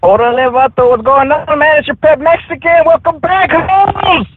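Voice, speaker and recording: A man's voice: extremely high pitch, normal speed, voice pushed up. A man voicing a swaggering street-slang male caller who talks with heavy slang and a loose, brash manner. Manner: heavy slang, calls everyone man and Holmes. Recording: tinny phone-like line.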